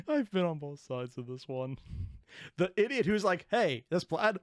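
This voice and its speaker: Animated, self-mocking man reacting. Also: a little high, moderate pace, long pauses, no room sound, studio quality. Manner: laughing, rambling, self-deprecating. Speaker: reaction video host. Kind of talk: casual reaction commentary.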